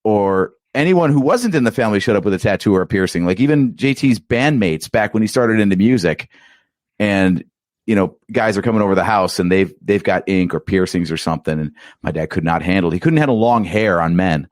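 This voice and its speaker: A man in his late forties co-hosts a podcast and reminisces in a relaxed, rambling way. His voice sits fairly low. The recording is dry and close, with no room echo. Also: fairly quick. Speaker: podcast co-host. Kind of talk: casual chat.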